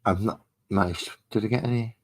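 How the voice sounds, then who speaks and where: A man's voice: lowish voice, steady tone, fairly quick, a little mellow, husky, low-quality recording. A man chatting casually and thinking aloud, a little self-deprecating, while he paints miniatures at his hobby desk at home.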